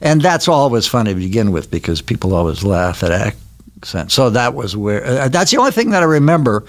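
An older man from Wisconsin, a podcast guest telling anecdotes and memories in a relaxed, casual interview in a recording studio. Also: mid-range voice, a little fast. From Milwaukee, Wisconsin. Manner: reminiscing, anecdotal storyteller.

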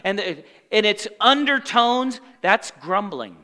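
This pastor takes his time with a Bible study sermon, his bright and lively male voice echoing with the long reverb of a church sanctuary. He asks the congregation to fill in answers and acts out complainers in low, muttered asides, staying animated and conversational throughout.

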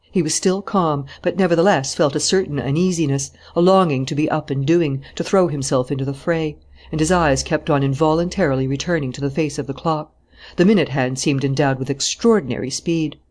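A narrator reads an audiobook at a normal speed, keeping the pitch moderate and the delivery level from start to finish. The style is that of calm, steady storytelling from a script.

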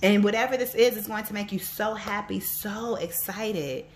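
Woman, mid-pitched, casual psychic reader, chatty and animated, speaks straight to viewers. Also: fast, slight background noise. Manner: chatty, animated storytelling, addresses viewers directly. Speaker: psychic reader and life coach. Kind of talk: casual spoken reading to viewers.

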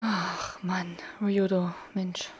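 A woman's voice: on the low side, level tone, drawn-out words, slightly rough. A woman with a German accent hosting a let's play, reading game text aloud and making casual asides. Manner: casual asides to herself, chuckling.

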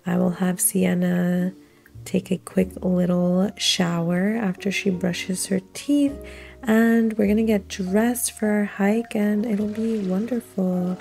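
A woman's voice: mid-range voice, fairly even intonation, slow, gravelly, mellow, soft background music. A young woman hosting a let's play, giving casual commentary that gushes and giggles over her game. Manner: gushing, giggly, playful.

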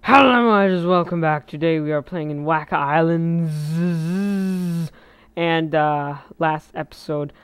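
A man giving casual, rambling gameplay commentary, correcting himself and breaking into excited outbursts. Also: on the high side, slow. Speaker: gaming video creator. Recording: slightly muffled lo-fi recording.

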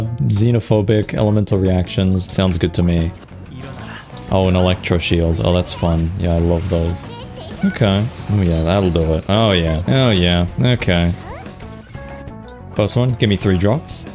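A man's voice: low-pitched, unhurried, darkish tone, faint music behind. A young man giving casual, swear-laden gameplay commentary with playful sound effects. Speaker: gaming streamer.

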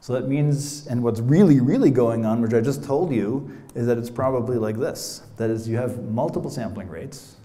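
A middle-aged American man lectures in a roomy hall, his voice mellow and dark. He talks loosely and playfully, dropping casual asides as he explains. The room gives his voice a clear echo. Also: mid-range voice, normal speed, hardly any pauses. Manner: conversational, many "you know" asides, playful. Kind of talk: academic lecture.

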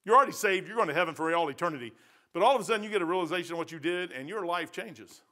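A man's voice: sits high, expressive, rapid-fire, bright, forceful tone. A man in his sixties, a pastor with a Midwestern American accent, preaching a sermon in a folksy, emphatic way that repeats phrases for stress.

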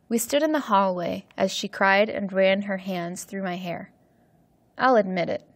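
A woman teacher reads a chapter aloud for English learners at a careful, clear pace. Her voice sits at an ordinary middle pitch. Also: dry recording. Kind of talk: storybook reading for English learners.

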